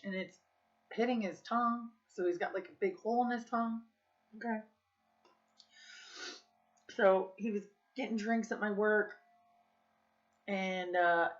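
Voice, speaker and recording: A woman's voice: mid-range voice, fairly bright tone. A woman vlogger in her thirties telling a story to her viewers in a frank, chatty way, full of "dude" and "like". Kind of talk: casual storytelling vlog. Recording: slightly dull lo-fi sound.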